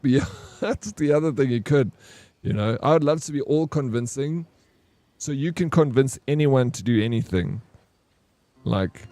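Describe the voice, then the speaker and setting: A young man, chatting casually and excitably with his stream viewers, rambling between topics. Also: medium pitch. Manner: rambling, excitable, says bro a lot. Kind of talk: casual chat with live chat.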